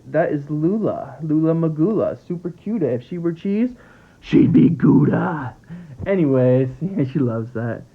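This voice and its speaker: A man giving casual, animated football commentary from home, rambling and tripping over his words. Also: fairly high pitch. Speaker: sports vlogger. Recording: tinny phone-like sound.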